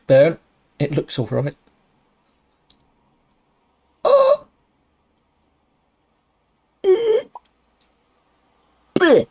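Sweary man with a lively, jumpy voice. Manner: swears a lot, talks himself through the tasks; yelps high when things go wrong. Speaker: gaming channel host. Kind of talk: casual gameplay commentary.

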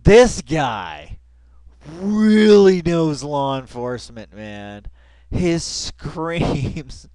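A man hosting a casual reaction video at home on a headset mic, excitable and laughing, tossing "dude" into nearly every line. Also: a little high, extremely slow, clear, resonant tone, no echo. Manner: excitable, says "dude" constantly, breaks into laughter.

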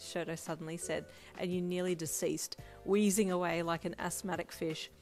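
A woman reading a fan fiction aloud in steady storybook narration. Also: on the low side, normal speed, faint music behind.

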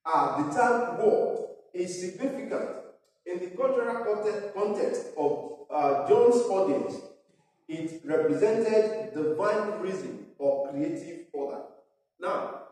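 A man's voice: high-pitched, expressive, unhurried, a little mellow. A man preaching a sermon as pastor, talking conversationally with fillers and asides. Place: parish church. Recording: echoey church hall from far off.

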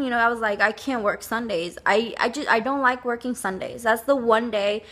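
A woman's voice: fairly high pitch, moderate pace, fairly bright tone. A young woman chatting casually to camera, telling a rambling story with lots of fillers. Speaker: vlogger.

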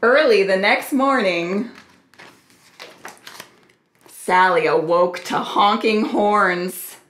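A woman reading a picture book aloud to preschoolers as a children's librarian, expressive and asking the children questions. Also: medium pitch, drawn-out words, roomy sound.

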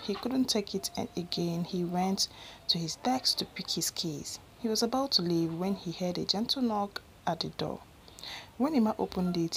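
A Nigerian woman narrating a romance story in a plain, steady reading voice. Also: fairly low pitch, creaky, a little hiss or hum, low-quality recording.

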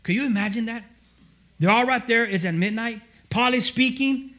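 A man preaching a sermon as pastor, with a relaxed, animated storytelling manner, slangy asides and frequent restarts. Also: very high-pitched, moderate pace.

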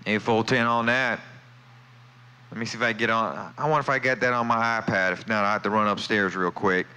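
A man's voice: lowish voice, steady tone, fairly quick, sharp tone, clear, resonant tone, low-quality recording. A man chatting on CB radio from his home station, friendly and repeating his call sign and sign-offs. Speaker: CB radio operator. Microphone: CB radio microphone.

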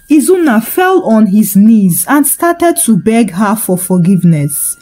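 A woman's voice: mid-range voice, big pitch swings, a little slow, dark tone, poor audio. A woman narrating a folktale in a dramatic storytelling manner.

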